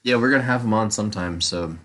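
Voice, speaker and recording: A man's voice: on the low side, fast, fairly bright tone. A man co-hosting a casual movie chat show, laid-back and trailing off with fillers. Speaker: podcast co-host.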